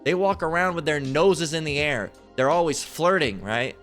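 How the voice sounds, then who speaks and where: A man's voice: on the high side, normal speed, fairly bright tone, faint music behind. A man preaching over a Bible passage in a crude, profane rant. He stammers, restarts often and keeps asking "right?". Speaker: street preacher.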